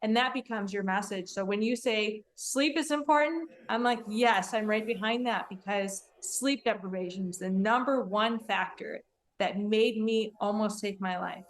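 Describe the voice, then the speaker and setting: A woman's voice: medium pitch, normal speed. A woman hosting an interview, speaking earnestly and reflectively from her own experience. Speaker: podcast host.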